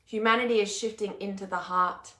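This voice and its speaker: Brisk and sharp-toned, her mid-range voice holds steady as she hosts a casual live stream, going through viewer comments. The intuitive healer and mentor swears often, speaks bluntly and rants with repeated emphasis, all in a reverberant room.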